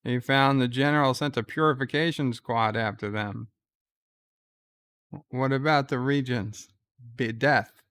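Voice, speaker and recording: Slow, clear-voiced man retelling a show. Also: mid-range voice, steady tone, fairly bright tone, dry recording. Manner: retells scenes, quoting lines in a plain voice; reads out viewer chat messages. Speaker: host. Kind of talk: live reaction commentary.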